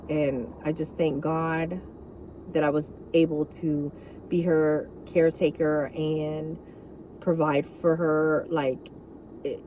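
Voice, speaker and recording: A woman with a lowish, warm voice talks openly about caregiving in an off-the-cuff vlog recorded in a car. She is emotional and frank, drifting into aside after aside. Slight background noise can be heard.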